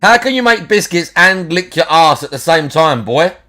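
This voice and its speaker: A man's voice: a little high, very animated, moderate pace, sharp tone. Sweary man streaming. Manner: crude, sweary banter, teasing his cat. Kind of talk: casual live-stream chat.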